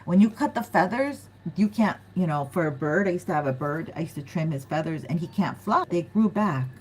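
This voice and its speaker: A woman with a fairly low, slightly rough, expressive voice reads tarot for her viewers a little fast. Her manner is chatty and giggly, and she often imitates what other people might say. The recording is rough.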